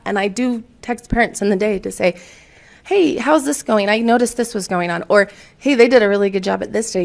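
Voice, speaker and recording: A woman's voice: mid-range voice, gravelly. A woman in her forties, a teacher giving a chatty conference talk full of fillers and laughter. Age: 40s. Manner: chatty and warm, laughs often, lots of fillers. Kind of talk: conference presentation.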